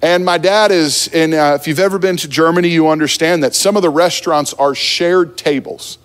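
A man from New Jersey preaching a sermon, telling a funny story about himself in a relaxed, conversational way from the pulpit. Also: a little high, normal speed. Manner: humorous, self-deprecating, conversational. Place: church sanctuary at the pulpit. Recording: long church hall reverb.

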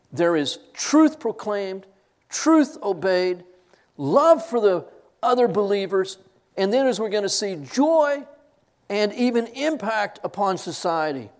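An older man teaching from a Bible passage to students in a sermon style, laughing and getting choked up as he tells stories. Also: high-pitched. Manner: animated, laughs and chokes up while telling stories. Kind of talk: classroom sermon.

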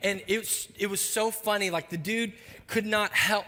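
A man preaching a sermon as pastor, telling stories in a lively way and dropping low and quiet for the solemn points. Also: moderate pace, in a large hall.

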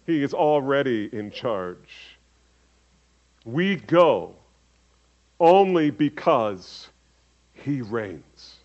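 A man preaching a sermon as pastor, swinging from loud emphatic calls to hushed low asides. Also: sing-song, drawn-out words, pauses often. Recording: dull lo-fi sermon recording.

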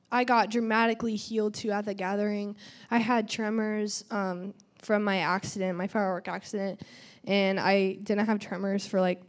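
A teenage girl giving a church testimony in a chatty way, full of "um" and "like," acting out quoted dialogue. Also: medium pitch. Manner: chatty, lots of "um" and "like", acts out quotes. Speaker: youth testimony speaker.

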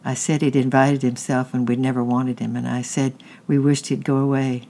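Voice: medium pitch, level tone, normal speed, mellow, natural voice. A narrator voicing Kate, an earnest schoolgirl who sounds upset and remorseful. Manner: pleading, upset.

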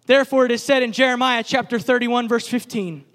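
A man's voice: very high-pitched, brisk, hardly any pauses, fairly bright tone. A man preaching a sermon at a church service, speaking with passion in repeated, building phrases.

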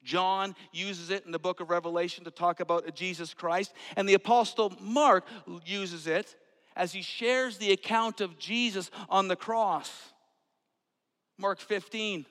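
A man preaching a sermon, swinging from hushed whispers to loud outbursts. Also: high voice, steady tone, a little slow. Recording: long hall reverb.

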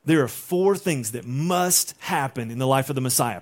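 A man's voice: medium pitch, lively intonation, normal speed. A male pastor preaching a sermon in a conversational way, using rhetorical questions and acting out quotes.

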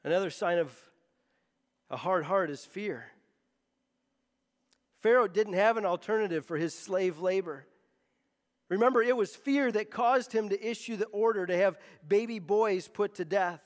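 A man's voice: high-pitched, normal speed, pauses often, big-room sound. A man preaching a sermon as pastor, emphatic and often repeating words as he presses a point.

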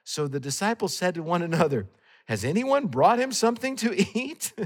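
A Canadian man delivers a sermon in a storytelling way, swinging from loud, bright passages to quiet, hushed asides. His voice sits a little high for a man, and a long reverb trails behind it in the hall. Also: big pitch swings, normal speed. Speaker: guest preacher.

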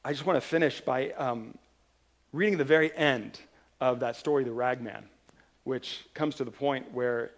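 A man preaching a sermon as pastor, telling a story in an animated way and driving points home with emphatic repetition. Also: mid-range voice, moderate pace.

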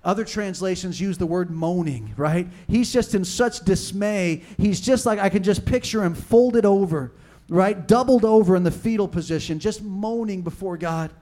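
A man preaching a sermon with passion, moving from hushed talk to shouting and reading scripture with dramatic emphasis. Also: sits high, normal speed. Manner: impassioned, swinging from hushed to shouting. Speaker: pastor.

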